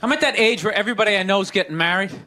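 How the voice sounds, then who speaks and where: A man with a Boston accent doing a stand-up comedy set, ranting sarcastically and shouting his punchlines. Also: high voice, very fast, very noisy. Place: comedy club stage before a live audience. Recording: live show with loud crowd laughter.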